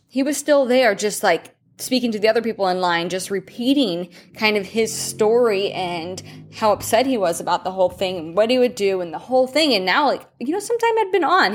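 Woman, nutrition coach and podcast host, middle pitch, rambling and conversational storytelling. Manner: chatty, meandering storyteller.

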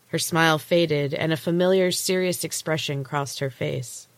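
A woman's voice: low-pitched, no room sound. Woman reading a story aloud. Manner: steady, measured read-aloud delivery. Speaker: podcast host and author. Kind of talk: storybook narration.

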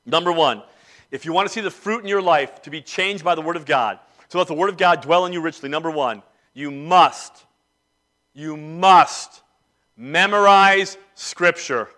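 A pastor preaching a sermon, moving between quiet reflection and emphatic, rising declarations. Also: male voice, on the high side, fast talker. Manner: emphatic preaching, swinging between soft and loud.

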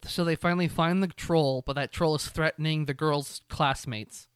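Brief: young male co-host, lively storyteller, swears a lot, clear voice on the higher side. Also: moderate pace, no echo, studio quality. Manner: animated storytelling, swears freely, acts out characters. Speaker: podcast co-host. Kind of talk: casual recap chat.

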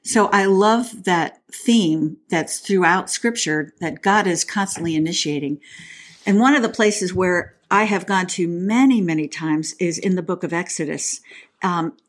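This woman co-hosts a podcast, her lowish voice moving at a measured pace. She chats casually and playfully, reads scripture aloud, and often restarts her sentences.

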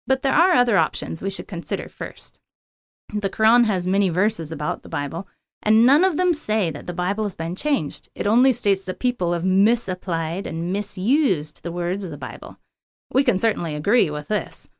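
A woman's voice: medium pitch, lively intonation, normal speed, no echo, clean studio sound. Earnest woman reading a missionary story. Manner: earnest, gentle first-person reading. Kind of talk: scripted narration.

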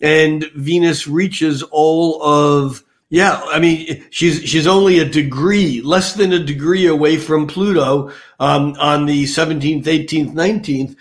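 A man's voice: on the high side, fairly even intonation, measured pace, few pauses. An older man, an astrologer on a podcast, talking casually with many fillers and restarts. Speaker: astrologer guest.

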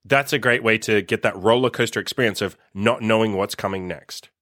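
A man's voice: lowish voice, brisk, sharp tone, no echo, studio quality. A man hosting a podcast, giving blunt advice in a casual, frank monologue full of "like" fillers. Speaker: podcast host.

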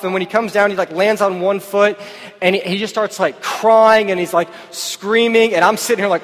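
A man with a higher-than-usual voice preaches to his congregation, slipping into easy conversational storytelling. His words ring out with a long reverb from the hall. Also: fairly even intonation, normal speed, a bit bright. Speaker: pastor. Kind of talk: sermon. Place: church service.

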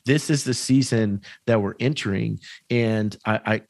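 A man in his thirties tells a story on a podcast and acts out the dialogue with lively energy. His voice is recorded dry and close, with no room sound. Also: lowish voice, unhurried, gravelly, no room sound. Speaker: real estate agent. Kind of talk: podcast conversation.

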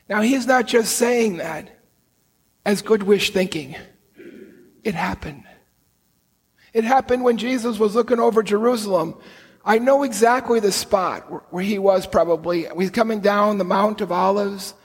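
A man preaching a sermon, telling the story with slow, deliberate emphasis in an earnest manner. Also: high-pitched, breathy edge, in a large hall, poor audio. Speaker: priest.

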